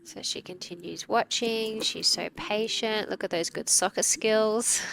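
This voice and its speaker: A woman's voice: medium pitch, slow, creaky, background noise. A woman dog trainer giving a conversational commentary on a training video, explaining things through acted-out examples.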